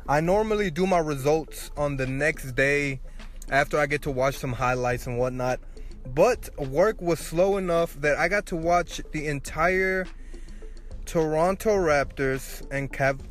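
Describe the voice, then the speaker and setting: A young man hosting his own sports podcast, ranting angrily and swearing, his voice climbing in outrage. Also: fairly high pitch. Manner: angry ranting, swears, rising to near shouts. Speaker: podcast host. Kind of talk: solo sports rant podcast.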